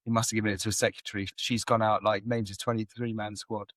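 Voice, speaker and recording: A man's voice: on the low side, little pitch movement, fast talker, fairly bright tone, dry recording. Brief: male co-host, rambling storyteller, laughs a lot, dry close sound. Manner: laughs often, rambling storyteller who acts out quotes. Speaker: podcast co-host. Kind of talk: casual chat, retelling comedy scenes.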